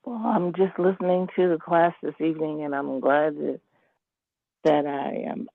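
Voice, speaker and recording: Joining an online class by computer call, a woman rambles emphatically through a casual story, often repeating herself. She speaks low at a normal speed, with vocal fry and fairly even intonation, and the tinny, phone-like line has no echo.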